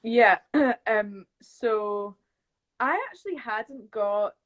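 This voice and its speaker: A young woman, chatting casually as a guest on a live video call and telling animated stories with bits of impressions. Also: on the high side, very slow, lo-fi sound. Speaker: actress guest. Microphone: phone on a video call.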